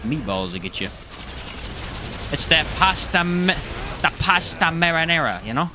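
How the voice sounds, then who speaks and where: A man's voice: fairly high pitch, very animated, moderate pace, background noise. A man streaming a live game, chatting casually, joking and answering his chat. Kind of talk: casual live gameplay commentary.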